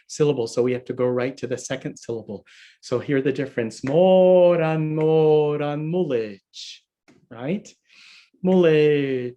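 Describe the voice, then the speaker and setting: A man with a fairly high, darkish-toned voice teaches a harp and singing workshop online over a video call from a home room on a live stream. He's chatty and friendly, laughing often and counting in.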